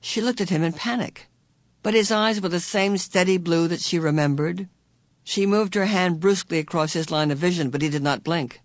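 Reading a novel aloud, this narrator delivers scripted narration in a measured, expressive way. The voice is mid-range and the recording is dry.

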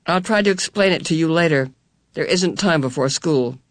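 A patient mother of four from a storybook, voiced by a reader. She speaks in a calm, steady voice. The sound is dry and close. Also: mid-range voice, normal speed, dry recording, lightly acted.

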